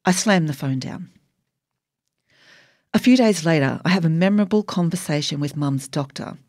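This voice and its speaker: A woman's voice: low voice, a little mellow, dry recording, clean studio sound. A woman narrating her memoir in a wry, emotionally charged audiobook reading.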